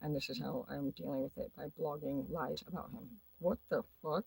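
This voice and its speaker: A woman's voice: low-pitched, fairly even intonation, moderate pace, gravelly, darkish tone, slightly rough, no room sound, low-quality recording. A woman hosting a livestream, ranting sarcastically in a profane, combative way, dropping at times into muttered asides. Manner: foul-mouthed, sarcastic, combative. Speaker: livestream host.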